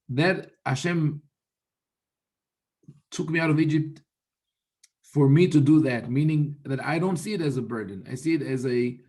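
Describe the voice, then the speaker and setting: A rabbi with a medium-pitched, slightly mellow male voice explains religious texts in a thoughtful, unhurried teaching style. He often restarts his sentences and quotes Hebrew.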